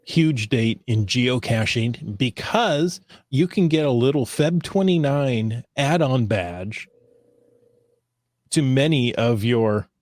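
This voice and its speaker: A man's voice: mid-range voice, expressive, takes it slowly, a little mellow, no room sound, studio quality. A man hosting a casual podcast chat, talking loosely with restarts and easy laughter. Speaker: podcast host.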